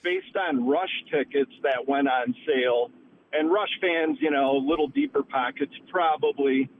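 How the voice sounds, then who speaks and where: A man's voice: medium pitch, a little slow, slight background noise. A man calling in to a radio show, talking in a rambling, hedging way. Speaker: caller. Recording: phone line.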